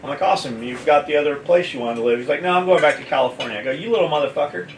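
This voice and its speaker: A man's voice: mid-range voice, racing, slight background noise. Profane, blunt man telling a story. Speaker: gear company owner telling a story. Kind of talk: casual chat. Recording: echoey room, mic at a distance, faint kitchen clatter.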